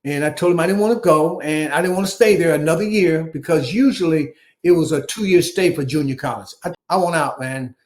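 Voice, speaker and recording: A man's voice: on the high side, brisk, hardly any pauses. A man in his seventies from Chicago, telling his life story in an interview and acting out each voice in it. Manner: animated storyteller who acts out the dialogue. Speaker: guest, former basketball player.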